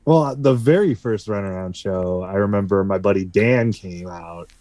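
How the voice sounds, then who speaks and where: A man's voice: lowish voice, normal speed, warm tone, no echo. A man co-hosting a casual podcast, laid-back, telling band stories and swearing freely. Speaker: co-host, musician.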